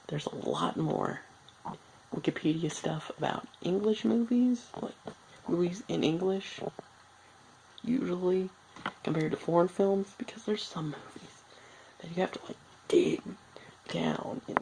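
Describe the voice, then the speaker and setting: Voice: medium pitch, gravelly, background noise. A film reviewer talking casually, rambling off on tangents with many filler words.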